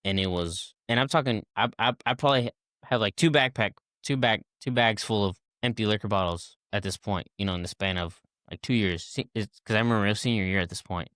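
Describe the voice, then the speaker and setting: A man's voice: lowish voice, a little fast, a bit bright, no room sound, clean studio sound. A man in his twenties, a podcast guest, telling a casual story and acting out the people in it with many fillers and restarts.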